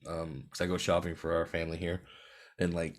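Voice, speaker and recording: A man chatting as a guest on a podcast in a relaxed way, laughing often and swearing casually. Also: low voice, fairly quick. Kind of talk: casual chat.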